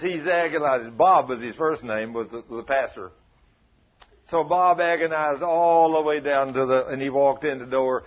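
A man preaching a storytelling sermon, swinging from loud animated bursts to hushed retelling. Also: medium pitch, moderate pace, lo-fi sound.

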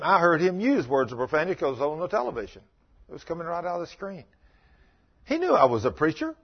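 Husky folksy preacher man, lo-fi. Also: a little high. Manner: folksy storytelling preacher, rising to emphatic scolding. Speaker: pastor. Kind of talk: sermon.

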